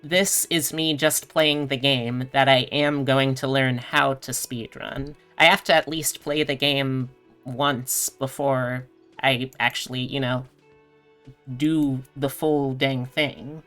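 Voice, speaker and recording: A chatty, giggly streamer talking to chat at an unhurried pace, voice smooth and clear. Faint game music sits behind the talk. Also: medium pitch, fairly even intonation, a bit bright. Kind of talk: casual live-stream commentary.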